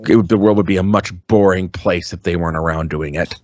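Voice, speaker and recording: A man's voice: low-pitched, steady tone, a little fast, a little mellow, no echo, muffled recording. A man co-hosting a podcast, chatting casually and rambling with lots of ums and restarts, swearing freely. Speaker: podcast co-host. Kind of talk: casual chat.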